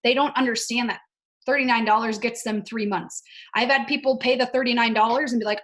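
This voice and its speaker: A woman's voice: on the high side, fairly even intonation, brisk, fairly bright tone. A woman coaching her fitness team on a casual video call. She is chatty, often says "like" and checks in with "right?". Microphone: video call mic.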